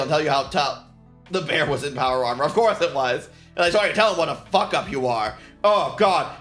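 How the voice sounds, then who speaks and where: High bright-voiced male streamer, rambling. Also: reverberant. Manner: rambling, profane, laughs often. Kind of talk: casual chat while painting.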